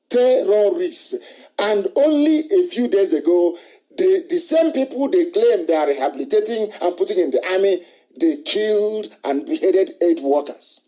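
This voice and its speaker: A middle-aged man holds forth in a live radio broadcast, his voice set a touch high yet dark and mellow in tone. He drives every point home with emphatic repetition and pointed rhetorical questions. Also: rough recording. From Nigeria. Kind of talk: impassioned live radio monologue.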